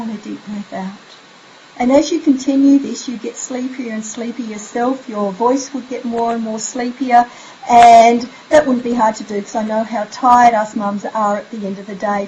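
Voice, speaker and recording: A woman giving bedtime tips for parents, speaking gently and unhurriedly, slipping into a soft, slow, sleepy voice to model bedtime phrases. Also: a little high. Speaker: parenting coach. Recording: slightly dull recording with faint hiss.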